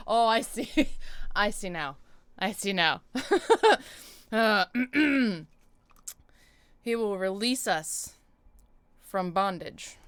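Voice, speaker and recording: A woman's voice: medium pitch, very animated, drawn-out words, long pauses, a bit bright, clean tone. A woman co-hosting a live stream, giggling and reacting in disbelief to a video. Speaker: co-host, host's wife. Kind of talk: casual live-stream chat.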